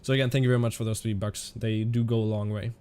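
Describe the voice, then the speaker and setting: A man streaming a flight simulator, chatting casually in a halting way and answering viewers' questions as he flies. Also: lowish voice, flat delivery, darkish tone, clear, resonant tone. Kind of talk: casual live-stream commentary.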